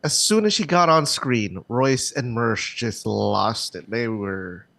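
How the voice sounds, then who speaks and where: Lively man chiming in, cursing freely. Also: mid-range voice, slow, vocal fry, no room sound. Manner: profane, chiming in with short remarks. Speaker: podcast co-host. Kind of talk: casual chat.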